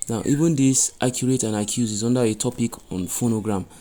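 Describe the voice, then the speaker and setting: A man teaching reading and phonics to other teachers, explaining step by step and slowly repeating example words and sentences. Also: medium pitch, dark tone. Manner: explanatory, asks "do you get it?". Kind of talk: spoken lesson for teachers.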